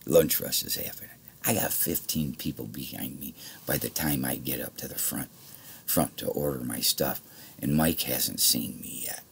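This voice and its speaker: A man's voice: extremely low pitch, moderate pace, gravelly, a little hiss or hum. A man telling a rambling, heated story in casual speech, swearing freely. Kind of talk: casual spoken anecdote.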